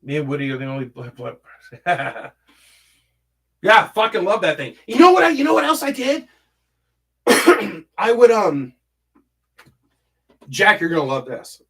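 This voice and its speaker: A man's voice: high-pitched, big pitch swings, measured pace, long pauses, fairly bright tone, husky. A man hosting a casual livestream from home, reading chat and rambling through stories, swearing a lot and humming filler syllables while he scrolls.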